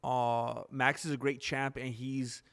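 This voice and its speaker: A man's voice: medium pitch, little pitch movement, slow pace, a bit bright, smooth. A man hosting a casual livestream, rambling and reacting to the chat with lots of ums. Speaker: livestream host. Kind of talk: casual live-stream chat.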